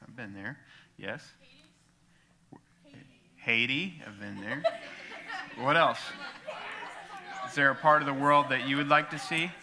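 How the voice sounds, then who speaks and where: A man leading a youth group question session, prompting the room with quick questions. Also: medium pitch, crowd noise. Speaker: youth pastor.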